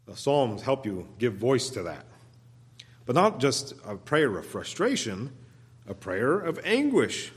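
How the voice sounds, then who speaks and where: A man preaching a sermon as a guest preacher, in an earnest manner that swells into loud pleading when he voices the psalmists' cries, with occasional restarts. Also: medium pitch, big pitch swings, measured pace, long reverb tail. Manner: occasional restarts and repeated words. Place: church sanctuary.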